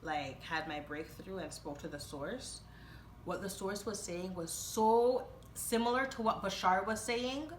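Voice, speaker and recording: A woman's voice: medium pitch, unhurried, reverberant, a little hiss or hum. A young woman telling a rambling personal story to her viewers, with many fillers and bursts of laughter. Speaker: vlogger. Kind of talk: casual storytelling to camera.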